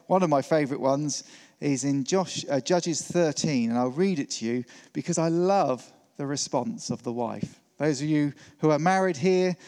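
A man preaches in a relaxed, conversational way, often pausing with fillers and correcting himself mid-sentence. His voice sits a little high for a man, and it rings with the long reverb of a church hall. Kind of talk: sermon.

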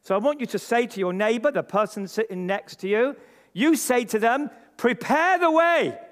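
A man's voice: high-pitched, fairly quick. A male pastor preaching an emphatic sermon to a congregation, leading them in call-and-response. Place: church service before a congregation. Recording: long reverb of a large hall.

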